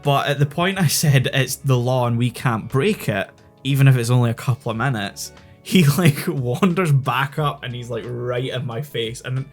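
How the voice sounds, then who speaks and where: A Scottish man recounts a story in easy podcast chat. He acts out each side of the exchange and swears freely, his voice sitting at an ordinary middle pitch. Faint music plays behind him. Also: moderate pace. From Scotland. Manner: animated retelling full of quoted dialogue and swearing. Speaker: podcast host.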